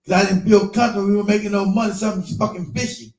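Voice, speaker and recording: A man's voice: sits high, level tone, rapid-fire, darkish tone, reverberant, far from the mic, rough recording. A man hosting a casual chat, retelling a story with lots of swearing, laughter and quoted voices. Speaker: show host.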